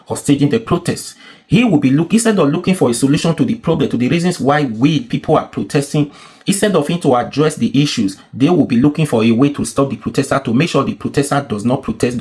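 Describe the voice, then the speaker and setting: A man's voice: mid-range voice, a little mellow. A man from Nigeria giving casual commentary on a clip, rambling and restarting his sentences and asking rhetorical questions.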